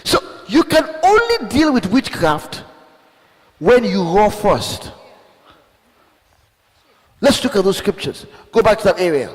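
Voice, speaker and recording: A man preaching a fiery sermon as a bishop, calling out questions to the congregation and bursting into shouts. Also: high voice, sing-song, takes it slowly, pauses often. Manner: call-and-response, shouting bursts, rhetorical questions. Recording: long hall reverb.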